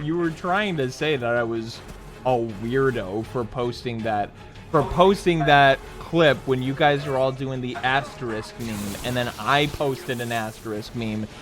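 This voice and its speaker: A man's voice: on the high side, a bit bright. Rambling, cussing male streamer. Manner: rambling, swears casually. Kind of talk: casual chat on a game stream.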